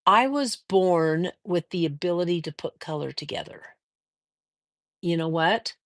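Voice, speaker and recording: An older woman hosts a quilting livestream from her sewing room and chats warmly with viewers as she reads their comments. Her voice sits a little low and she talks slowly, with plenty of drawn-out fillers. The sound is close and dry, with no room echo. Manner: chatty, encouraging, drawn-out fillers. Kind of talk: casual live-stream chat reading viewer comments.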